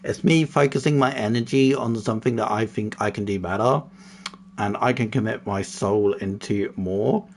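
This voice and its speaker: A young streamer with a fairly low voice speaks at normal speed to his livestream chat. The casual talk begins as a somber farewell and turns into exasperated outbursts packed with swearing.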